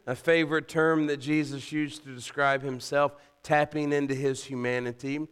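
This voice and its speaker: Bright, clear-voiced male preacher. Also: moderate pace, few pauses. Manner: animated, rising loud and high when quoting scripture; conversational asides, rhetorical questions. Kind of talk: sermon.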